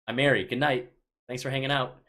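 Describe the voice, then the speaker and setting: His mid-range voice is pushed and bright, fairly quick, with fairly even intonation. A thirtysomething from Chicago, United States, he reads viewer questions on a live stream and answers them offhandedly, often restarting mid-sentence.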